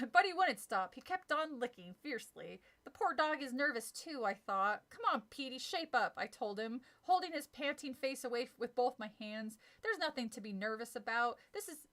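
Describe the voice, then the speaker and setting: A woman's voice: sits high, big pitch swings, normal speed, pushed and bright. A woman streaming a casual read-aloud of a kids' horror book, chatty and giggly with frequent asides. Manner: giggly, chatty, breaks off to comment and laugh.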